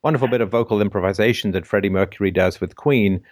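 A man hosting a call-in show, talking in a measured, reflective way with frequent fillers. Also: on the low side, dry recording, studio quality. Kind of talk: casual phone-in discussion.

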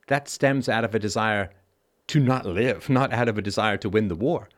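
Male call-in host, mid-pitched voice, emphatic, lecturing, probing questions. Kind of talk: call-in advice talk.

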